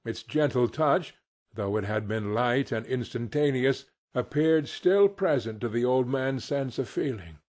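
A man narrating an audiobook in expressive, unhurried scripted narration. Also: medium pitch.

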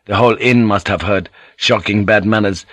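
Man voicing samurai guard, brisk, stern, curt, low voice. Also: steady tone, fairly bright tone, no echo.

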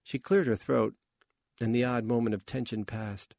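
A man reading a science fiction audiobook in a measured, even storytelling manner. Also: medium pitch, vocal fry, no room sound, clean studio sound. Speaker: audiobook narrator. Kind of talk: scripted narration.

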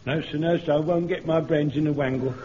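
An actor playing a flustered, fussy elderly shopkeeper who repeats himself, in a radio comedy. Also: male voice, on the high side, fairly even intonation, a little fast, close to an everyday voice. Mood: eager. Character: flustered elderly male butcher, easily panicked. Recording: dull old radio broadcast with faint hiss.

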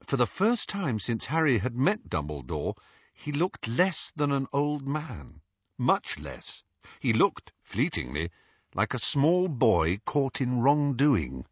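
Slow, husky male audiobook narrator. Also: mid-range voice, dry recording, muffled recording. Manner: measured, expressive storytelling. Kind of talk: scripted narration.

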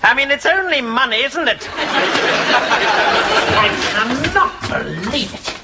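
An actor playing a sardonic, scheming nobleman who speaks with crisp scorn, with studio audience laughter. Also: very high voice, very noisy. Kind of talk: sitcom acting.

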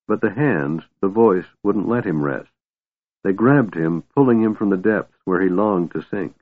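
A deep-voiced man narrates a fantasy story with intense, dramatic delivery, his pitch moving widely through each line. His voice is husky. It is heard over a thin, phone-like band with a very dry sound. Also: animated, normal speed, dry recording. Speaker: audiobook narrator.

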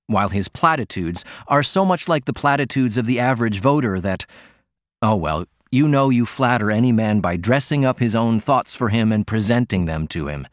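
A man's voice: medium pitch, no echo, studio quality, lightly acted. A man reading an audiobook, voicing a defiant young working-class man who argues pointedly. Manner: pointed, argumentative.

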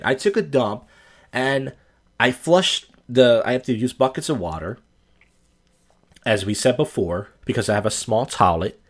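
A man's voice: medium pitch, expressive, a little slow, pauses often. A man hosting a podcast, telling crude, rambling, self-deprecating stories in a casual monologue. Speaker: podcast host.

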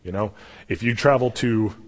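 Man, young pastor, husky voice, casual animated sermon, long hall reverb. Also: lowish voice, normal speed. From Canada.

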